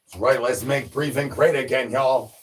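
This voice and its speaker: A man's voice: medium pitch, normal speed, slightly rough. A man delivering absurd comedy, rambling through nonsense with rhyming wordplay and stutters. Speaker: comedy channel creator.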